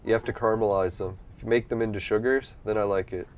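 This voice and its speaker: A man's voice: lowish voice, fairly even intonation, fast. A man casually commenting while playing an online game, rambling and swearing freely, with a slightly stuffy nose from allergies. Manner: rambling, profane, easygoing. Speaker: gameplay streamer.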